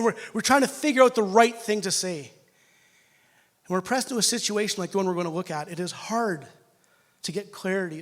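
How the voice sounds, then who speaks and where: Canadian pastor guy, middle-aged, high voice, preaching, gets loud then drops real quiet. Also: vocal fry. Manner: emotional, self-deprecating, dynamic swings between loud and quiet. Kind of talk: sermon.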